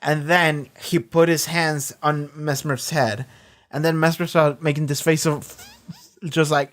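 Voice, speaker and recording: A man's voice: on the high side, fairly even intonation, unhurried, fairly bright tone. A man hosting a reaction video, retelling scenes in a loose, profane way full of fillers. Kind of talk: casual reaction commentary.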